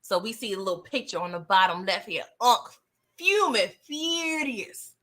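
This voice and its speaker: A woman casually recapping a TV episode in slangy, animated talk, laughing often. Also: mid-range voice, moderate pace. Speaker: TV recap host.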